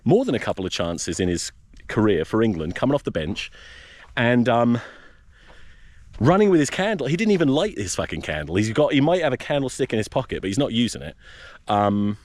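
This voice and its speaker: A man's voice: mid-range voice, sing-song, a little fast, darkish tone, no echo. A man hosting a rugby podcast, ranting in a profane, rambling, jokey way while hiking outdoors in a desert wilderness. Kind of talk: casual rant while hiking.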